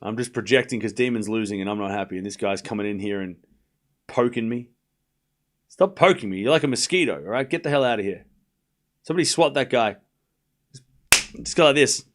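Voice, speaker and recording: A man's voice: fairly low pitch, animated, a little fast, pauses often. A young man hosting a live tennis watchalong, calling scores and answering chat with joking mock anger. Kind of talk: casual live watchalong commentary, reading chat.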